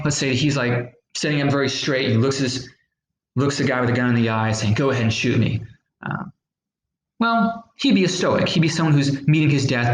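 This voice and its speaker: A man talks students through a recorded history lesson at a middle pitch. He explains patiently with fillers and acts out small examples. The room around him is echoey, with a faint hiss behind. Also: vocal fry. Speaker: teacher.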